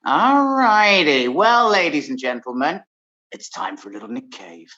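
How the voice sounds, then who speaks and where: An English man hosting a casual chat, telling stories in a lively way and laughing often. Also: on the high side, unhurried. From England. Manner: lively storytelling with frequent laughs. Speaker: host. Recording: dull lo-fi sound.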